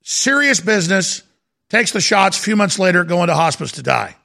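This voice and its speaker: Gravelly, heated male talk host. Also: high-pitched, lively intonation, normal speed, sharp tone. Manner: heated, emphatic, repeats himself. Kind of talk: agitated talk radio commentary.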